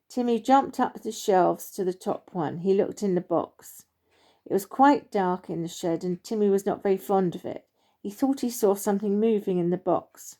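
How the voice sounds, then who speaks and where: Mellow-voiced woman reading a children's story. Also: medium pitch, normal speed.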